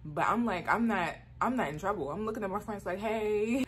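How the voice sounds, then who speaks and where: A woman's voice: fast, slight background noise. Woman, casual storytime vlog, chatty, filler-heavy, mid-range voice. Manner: animated, leaps to high squeals when exclaiming; frequent "like" fillers.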